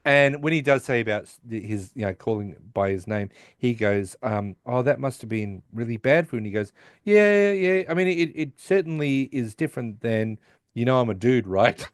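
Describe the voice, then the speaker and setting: Male podcast co-host, mid pitch, dry close sound, rambling episode recap. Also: expressive, fairly quick, no echo. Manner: rambling retelling, quotes characters with restarts. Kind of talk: casual chat.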